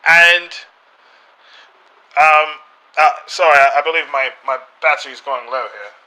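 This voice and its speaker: A British man appears as a podcast guest, staying in character and speaking haltingly with lots of fillers and restarts. His voice is on the high side and sharp in tone, and the audio quality is poor.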